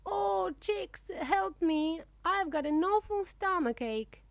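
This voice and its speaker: Casting: a woman as a cheeky, greedy girl ostrich chick, very lively, bone-dry recording. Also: very high voice, takes it slowly, creaky, no room sound, pitched above the performer's own voice, heavily acted. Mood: whiny. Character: naughty greedy young female ostrich chick.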